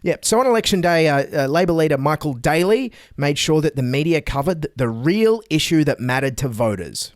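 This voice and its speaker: A man's voice: on the high side, animated, a little fast, few pauses, faint music behind. A man with an Australian accent hosting a podcast, reading comedic scripted narration with dry sarcasm. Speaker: podcast host.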